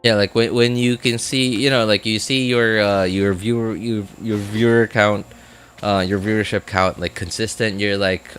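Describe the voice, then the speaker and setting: A man's voice: lowish voice, flat delivery, normal speed, a bit bright, slight background noise. A man streaming a video game, talking casually in a rambling way full of filler words and often laughing at himself. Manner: self-amused, laughs often. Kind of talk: casual chat while gaming.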